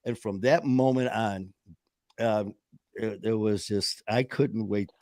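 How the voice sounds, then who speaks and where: A man's voice: on the low side, steady tone, slow pace, a little mellow, no room sound, clean studio sound. A man in his fifties telling stories in a casual, rambling way, acting out quoted voices and often restarting his sentences. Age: 50s. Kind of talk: casual storytelling chat.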